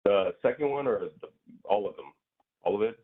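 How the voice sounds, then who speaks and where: Low-voiced man teaching, tinny line. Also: animated, moderate pace, husky. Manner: hesitant, many fillers and restarts. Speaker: grammar teacher. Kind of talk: casual online class explanation.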